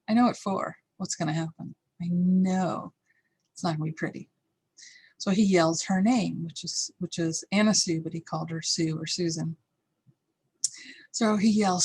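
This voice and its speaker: A husky, lower-voiced woman speaks in a candid, reflective way, sharing a personal story as a teacher. She is middle-aged and now and then acts out the lines that others said. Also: normal speed. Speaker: course teacher.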